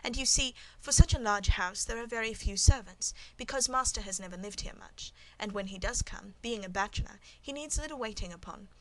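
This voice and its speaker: A woman reading the part of a guarded middle-aged female servant who speaks with calm, demure composure. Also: medium pitch, a little fast, few pauses, close to an everyday voice, low-quality recording. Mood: lecturing. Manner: calm, demure, matter-of-fact.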